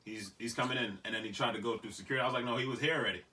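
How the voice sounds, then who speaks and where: Racing along in a steady mid-range voice, far from the mic with background noise, a young podcast host tells a story in a casual chat. He uses slang, laughs a lot, and performs the quoted voices of people in it.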